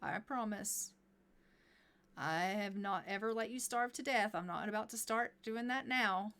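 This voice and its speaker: A woman's voice: medium pitch, a little slow, fairly bright tone. A woman voicing a proud, exasperated wife who cooks in a life-simulation game, scolding her impatient husband. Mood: sassy. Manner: sassy, scolding.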